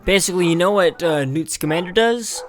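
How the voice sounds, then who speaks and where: A man's voice: sits high, fairly quick. A man giving casual let's play commentary on a video game, rambling with many fillers and frustrated asides. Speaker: gameplay youtuber. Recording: game music underneath.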